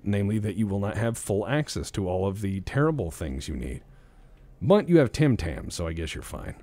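A man's voice: on the low side, lively intonation, a little fast, mellow. A man hosting a casual gaming stream, rambling and joking, swearing freely and restarting his sentences. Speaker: streamer host.

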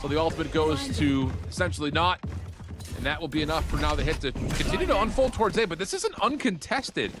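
A man casting an esports match with live play-by-play commentary, excitable and breaking into shouts at big plays. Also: a little high, quick pace, over music. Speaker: esports caster.

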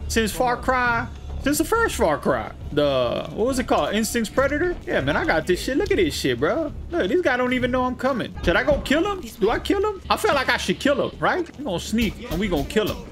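A man's voice: very high-pitched, wildly swooping pitch, brisk. A man hosting a let's play, giving loose, joking, profane running commentary. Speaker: gaming channel host.

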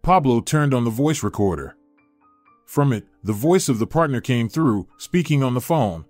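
A man narrating a scripted story in a measured storytelling manner. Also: medium pitch, animated, darkish tone, no echo. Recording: dry studio voice with faint music.

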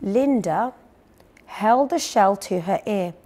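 A young woman reading a picture book aloud to children, gentle, patient and clear. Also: medium pitch, lively intonation, slow. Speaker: children's storyteller.

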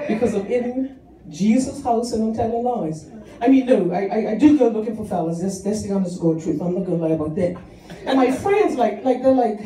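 A woman's voice: a little high, mellow, slight background noise. A woman doing a stand-up comedy set in a church hall, chatty and self-mocking, stretching out her punchlines. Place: church hall with live audience. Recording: echoey hall, taped from far off, audience laughter. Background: crowd laughing.

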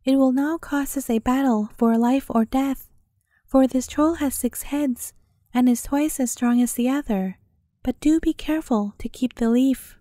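A woman's voice: sits high, measured pace, dark tone, no echo, clean studio sound. A woman voicing a loyal, protective male bull who gives earnest warnings in a storybook reading. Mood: urgent.

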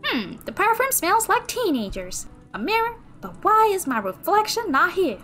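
A woman's voice: very high-pitched, huge pitch swings, moderate pace, a bit bright, faint music behind, voice pushed up, heavily acted. A woman voicing a young girl heroine in a put-on American Southern accent, exclaiming in a wide-eyed, sing-song way. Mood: curious.

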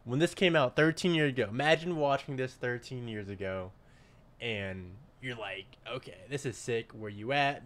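A man hosting a casual music video reaction, excitable and slangy, often bursting into hyped exclamations. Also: mid-range voice. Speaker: reaction channel host. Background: faint music.

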